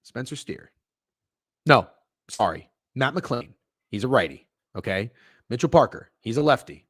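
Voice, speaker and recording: A young man hosting a live sports betting stream, chatting with viewers in a profane, animated way. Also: medium pitch, a little slow, slightly rough, no echo, studio quality. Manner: animated, swearing, talks to chat. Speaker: sports betting show host.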